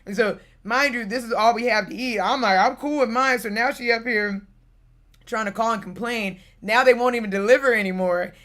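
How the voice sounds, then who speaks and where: A woman's voice: a little high, fairly quick. A woman streamer telling a story in a casual, laughing way, acting out quotes and tripping over her words. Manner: laughing, animated retelling with acted-out quotes; trips over words and restarts.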